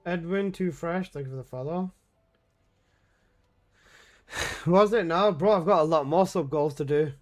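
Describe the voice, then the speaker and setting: A man's voice: fairly high pitch, a little slow, pauses often. A young male streamer talks to his chat in a slightly raised voice, taking his time between bursts. He exclaims and swears freely, and laughter keeps slipping into his talk.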